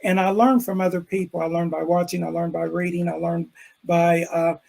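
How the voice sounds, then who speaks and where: An older man, an educator, telling a classroom story with animated delivery and acting out the characters' lines over a video call. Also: on the high side, moderate pace, gravelly, rough recording. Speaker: interview guest, educator. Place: room with bookshelves.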